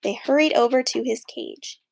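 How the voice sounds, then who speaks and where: A woman narrating a children's storybook in a lively, expressive reading. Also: fairly high pitch, moderate pace, gravelly, husky. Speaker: audiobook narrator.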